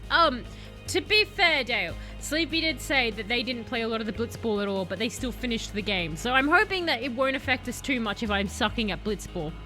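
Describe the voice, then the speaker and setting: A woman's voice: on the high side, animated, brisk, pushed and bright, faint music behind. A woman streamer chatting sarcastically through her first playthrough of a game, joking at the story. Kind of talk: first-playthrough gameplay commentary.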